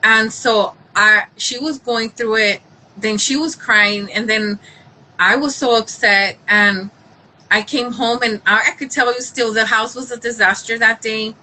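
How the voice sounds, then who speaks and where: A woman with a bright, ringing voice that sits a little high, chatting casually about faith. She tells her story in an animated way, acting out the lines people said and restarting her sentences as she goes. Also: unhurried, slight background noise, poor audio. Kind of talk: casual faith-based chat.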